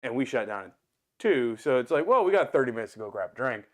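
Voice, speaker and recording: A man with an Ohio accent, a restaurant owner and guest, telling stories in an animated, casual way and swearing freely. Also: mid-range voice, fast talker. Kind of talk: casual storytelling.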